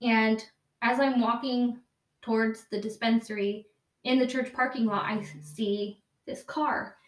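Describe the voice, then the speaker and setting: A woman's voice: on the high side, fairly even intonation, a little slow, distant mic. A young woman casually telling a story, rambling and profane, full of fillers and self-corrections. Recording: echoey room, voice off-mic.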